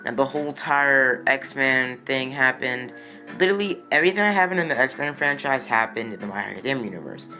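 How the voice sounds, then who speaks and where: A man telling an unscripted fan what-if story in a rambling, halting way, often stopping to correct himself. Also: mid-range voice, lively intonation. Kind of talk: unscripted fan-fiction narration. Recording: voice over loud background music.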